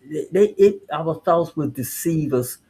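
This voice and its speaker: A man's voice: a little high, a little slow, dark tone, breathy edge. A man co-hosting a show, giving an earnest, preachy motivational talk with many restarts. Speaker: podcast co-host.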